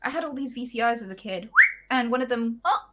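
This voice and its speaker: A woman in her thirties, a guest streamer on a call, telling stories in lively, animated chat. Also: fairly high pitch, brisk, background noise. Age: 30s. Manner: animated storyteller, acts out reactions.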